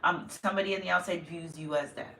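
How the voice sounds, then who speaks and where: A woman's voice: lowish voice, steady tone, fast talker, fairly bright tone, a little hiss or hum. A woman giving a casual tarot reading to her viewers, rambling and repeating herself with emotion. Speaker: tarot reader. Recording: echoey room, distant mic.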